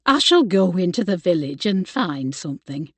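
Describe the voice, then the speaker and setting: A woman's voice: lowish voice, sing-song, moderate pace, no room sound. A woman narrator voicing a fretful, motherly older cook-housekeeper who speaks in a homely, old-fashioned way. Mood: fussing.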